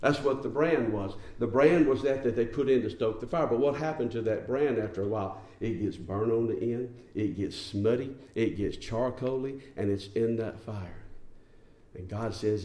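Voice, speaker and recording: A man delivers a sermon in an emphatic, conversational manner, often asking his listeners rhetorical questions. His voice is mellow and sits at an ordinary pitch. The room gives it a noticeable echo. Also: normal speed. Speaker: preacher.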